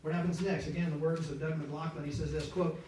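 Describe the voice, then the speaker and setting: A man with a fairly high, mellow voice leads a conversational Bible study, asking rhetorical questions and checking in with his listeners. He restarts and corrects himself mid-sentence. He is heard from a distance in a very echoey room. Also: steady tone, a little fast, a little hiss or hum. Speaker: Bible teacher. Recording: very echoey room, speaker far from mic.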